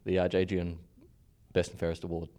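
A young man co-hosting a podcast in casual, joking chat, halting with fillers and repeats. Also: low voice, monotone, warm tone. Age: young adult. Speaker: podcast co-host.

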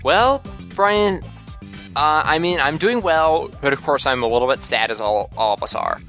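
A male podcast co-host delivers dry, teasing jokes in a casual chat. His pitch moves around a lot even when he's deadpan, and faint music plays underneath. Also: normal speed. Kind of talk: casual banter with co-hosts.

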